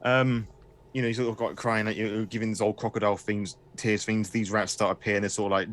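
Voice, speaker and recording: A man's voice: on the low side, flat delivery, fast, a bit bright. A man narrating a tabletop game as game master, hesitant and full of fillers.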